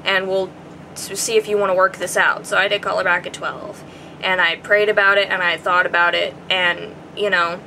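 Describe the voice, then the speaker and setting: A young woman in a personal vlog, earnest and emotional, her voice dropping soft as she nears tears. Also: mid-range voice, a little hiss or hum, low-quality recording. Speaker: vlogger answering viewer questions.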